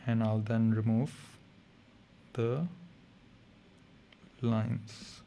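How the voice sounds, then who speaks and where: A man's voice: medium pitch, level tone, extremely slow, creaky, mellow, a little hiss or hum. A man teaching a late-night online chemistry revision class. He talks casually and keeps checking in with his students. He sounds tired. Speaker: chemistry tutor.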